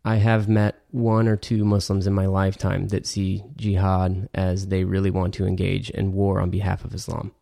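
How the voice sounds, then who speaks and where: Low, mellow-voiced man explaining calmly. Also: gravelly. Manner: measured, explanatory, with frequent restarts. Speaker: podcast co-host explaining Islam. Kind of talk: casual podcast discussion.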